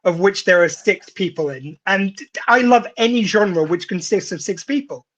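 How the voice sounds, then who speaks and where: A male host asking relaxed, jokey questions in a casual interview chat. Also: sits high, moderate pace, dull audio.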